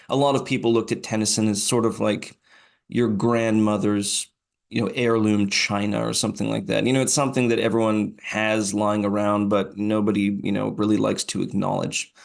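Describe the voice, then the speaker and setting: A man's voice: fairly low pitch, level tone, fairly quick, gravelly. A male podcast host giving informal poetry commentary, talking conversationally with frequent fillers and restarts.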